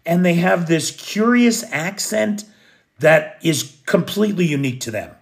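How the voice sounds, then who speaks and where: American male host, gravelly, rambling and chatty on a live stream. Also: on the high side, lively intonation, a little slow. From United States. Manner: rambling, chatty, restarts and fillers. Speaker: livestream host. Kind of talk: casual live chat reading comments. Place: living in Kyiv, recording at home at night.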